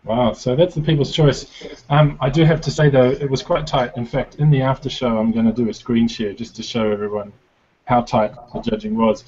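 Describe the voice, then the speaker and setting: A man's voice: medium pitch, fairly even intonation, a little fast, darkish tone, dull audio. A man co-hosting an online show, announcing results in an upbeat, casual way. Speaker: co-host. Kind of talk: casual video call chat.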